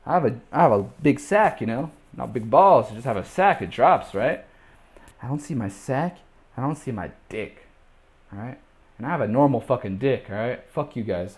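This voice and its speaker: Profane young man telling a wild story. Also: medium pitch. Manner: crude, profane, animated with panicked shrieks. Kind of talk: casual storytelling.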